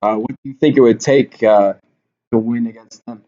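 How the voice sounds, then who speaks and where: A man's voice: mid-range voice, fairly even intonation, moderate pace, mellow, muffled recording. A man hosting a casual online chess chat, talking hesitantly with many fillers. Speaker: host interviewing players.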